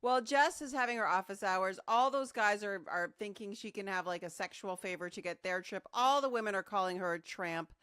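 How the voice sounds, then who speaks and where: A woman's voice: mid-range voice, a little fast, hardly any pauses, a bit bright, clear, resonant tone, no room sound. A young adult woman co-hosting a podcast, playful and teasing in casual chat. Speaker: podcast co-host. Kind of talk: casual chat recapping a sitcom.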